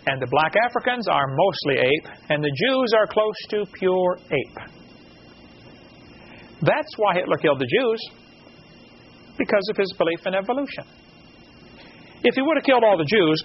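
A man giving an animated lecture to a live audience, asking the room rhetorical questions. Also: sits high. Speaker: creationist lecturer. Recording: dull lo-fi recording with faint noise.

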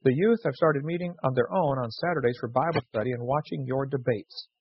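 A man's voice: medium pitch, a little fast, husky, no echo. A man hosting a radio show, reading listener letters aloud and telling jokey stories with frequent laughs. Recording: dull lo-fi radio recording.

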